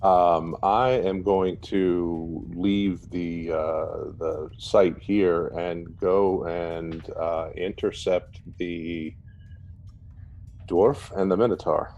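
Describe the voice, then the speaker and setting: A man playing a tabletop game, speaking hesitantly with many pauses. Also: low-pitched, steady tone, darkish tone, dull audio. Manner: slow, hesitant. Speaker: player.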